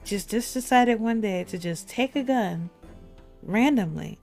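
A woman's voice: a little high, measured pace, a little mellow. Exasperated young woman streamer. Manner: exasperated, blunt. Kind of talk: gameplay commentary and reading aloud. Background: faint game music.

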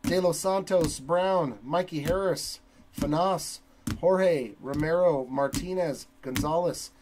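A man hosting a trading card break, reading long lists of player names in a steady cadence. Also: on the high side, takes it slowly, background noise.

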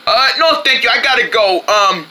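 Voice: mid-range voice, lively intonation, normal speed, bright, forceful tone. Someone voicing Connie, a curious friend. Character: Connie, a curious friend who turns down cake.

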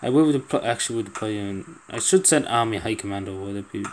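A man's voice: fairly low pitch, quick pace, a little hiss or hum. A man giving casual let's-play commentary, exasperated and pleading, swearing often as things go wrong. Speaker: gameplay commentator.

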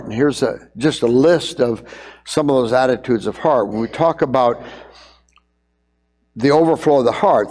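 A man's voice: medium pitch, darkish tone, in a large hall. An older man preaching a sermon in a conversational way, often repeating words as he thinks.

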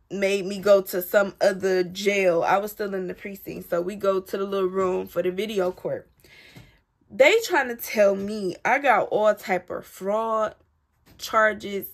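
A woman telling a personal story in a casual, dramatic way, talking straight to her viewers. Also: mid-range voice. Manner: animated, dramatic retelling addressed straight to viewers. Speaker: storyteller vlogger.

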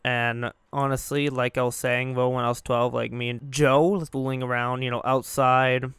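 A man's voice: medium pitch, flat delivery, normal speed, a bit bright, smooth, no echo. A young man hosting a gaming channel, talking in a hesitant, rambling way with many fillers, sounding subdued and grieving. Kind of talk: casual reflective monologue.

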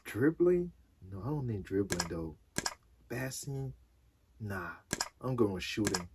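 A man's voice: lowish voice, animated, takes it slowly. A man reacting to his own mobile football game, exclaiming and repeating words, calling everyone bro. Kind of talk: excited gameplay reaction. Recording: noisy game audio behind.

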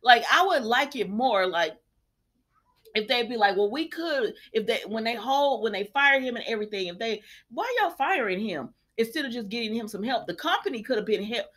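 A woman hosting a casual recap vlog, talking straight to her viewers in an animated, sassy way. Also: on the high side, moderate pace. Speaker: soap opera recap host.

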